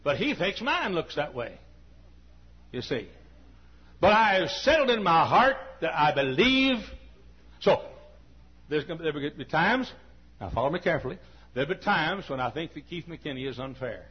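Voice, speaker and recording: A man preaching a sermon as pastor, dropping to quiet confiding talk and rising to shouted peaks. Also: a little high, very animated, moderate pace, pauses often, breathy edge. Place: church. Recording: dull lo-fi recording.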